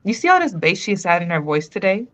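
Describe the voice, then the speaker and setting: A woman's voice: medium pitch, sing-song, a bit bright. A woman in her twenties hosting a reading livestream, chatting and teasing her co-host at her computer. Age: 20s. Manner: chatty and teasing, with drawn-out words. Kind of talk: casual chat with a co-host.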